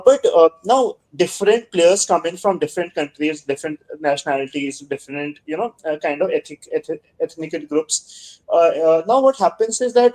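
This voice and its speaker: A man hosting a podcast, chatty and easygoing, laughing easily and pausing often on "uh". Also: a little high, a little mellow, rough recording. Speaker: podcast host. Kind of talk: casual podcast chat.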